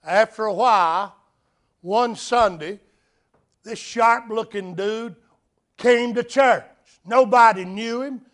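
Male preacher, high voice, storytelling sermon that drops to a hush and climbs to loud appeals. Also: takes it slowly. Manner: dramatic swings from hushed to loud.

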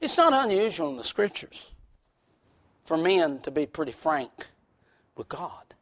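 A man preaching a sermon in a folksy, plain-spoken way, swinging from hushed, intimate lows to loud shouted peaks. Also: big pitch swings, measured pace, gravelly.

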